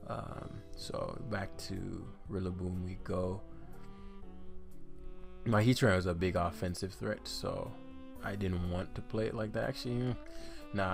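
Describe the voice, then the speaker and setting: A man's voice: low voice, creaky. A man giving live commentary on a competitive game, swearing and trash-talking his opponent as he plays. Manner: profane, frustrated, trash-talking. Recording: faint guitar music behind.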